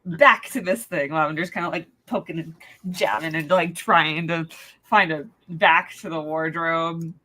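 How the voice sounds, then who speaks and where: A woman's voice: deep voice, a little slow, sharp tone. A woman playing a tabletop game, plainly describing what her character does. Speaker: player. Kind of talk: casual tabletop play.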